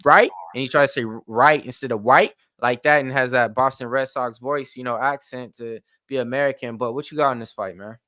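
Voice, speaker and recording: A man's voice: medium pitch, fairly even intonation, fairly quick, hardly any pauses, a bit bright, no echo. A man hosts a live fight-night stream, talking loose and rambling, with plenty of slang and filler words. His voice sits in a middle range. The sound is dry and close. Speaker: stream host. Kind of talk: casual live watch-along chat.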